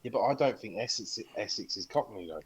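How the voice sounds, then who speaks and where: Deep-voiced man on a podcast. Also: animated, a little fast, husky, dull audio. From northern England. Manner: swears casually, mimics accents in quotes. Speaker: podcast co-host. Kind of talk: casual chat.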